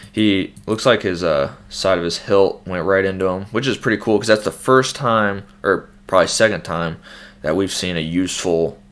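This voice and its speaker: Young man, host, fairly low voice, casual speculative commentary, filler-heavy. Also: moderate pace, fairly bright tone. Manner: loose, speculative, many fillers and restarts. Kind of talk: casual trailer breakdown commentary.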